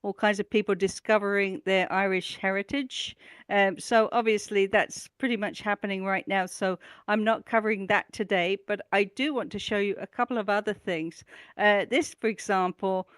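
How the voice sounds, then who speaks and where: A woman with a clear, resonant, medium-pitched voice, fairly even in intonation and normal in speed, presents a regular events roundup on a talk show. This casual community news segment is chatty and enthusiastic, full of ums and uhs, and the recording is dry.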